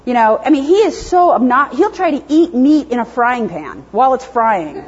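A woman's voice: fairly high pitch, expressive, normal speed, a little hiss or hum. A woman lecturing on animal behavior to an audience, chatty and self-deprecating, laughing often as she explains. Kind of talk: conference lecture with audience questions. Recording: dull lo-fi sound.

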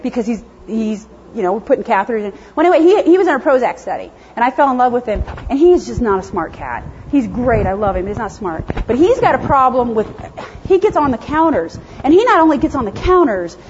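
At a conference, a woman with a somewhat high voice talks about animal behavior and takes questions, laughing frequently and joking at her own expense in a chatty way. The dull lo-fi audio has a little hiss or hum.

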